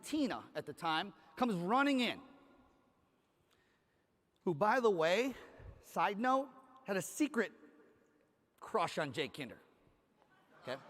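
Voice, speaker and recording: Hall reverb from the stage PA colors the voice of a conference speaker from Cleveland, Ohio, whose pitch is high and tone a bit bright. Standing on a large conference hall stage, he gives a motivational keynote, energetically telling a story and acting out its dialogue.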